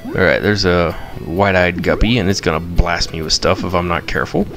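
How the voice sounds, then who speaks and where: A man commentating his mobile game playthrough, playful and excitable, chanting silly eating noises and squealing high at surprises. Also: normal speed. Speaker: gamer. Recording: game music behind.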